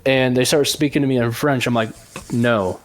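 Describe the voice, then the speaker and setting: A man's voice: mid-range voice, steady tone, fast. A man from Ohio co-hosting a podcast, telling an exasperated story with plenty of swearing. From southeastern Ohio, USA. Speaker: podcast co-host. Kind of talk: casual podcast chat, storytelling.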